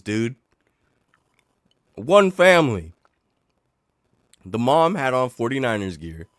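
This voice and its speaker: A middle-aged man, sick and coughing, ranting in a casual livestream chat, sarcastic and animated. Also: fairly low pitch, no echo, studio quality. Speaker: livestream host.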